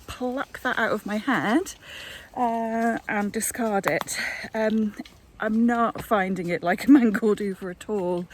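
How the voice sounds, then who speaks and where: A woman's voice: mid-range voice, slight background noise. A woman, chatting casually in a book vlog, rambling along with plenty of fillers. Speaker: book vlogger.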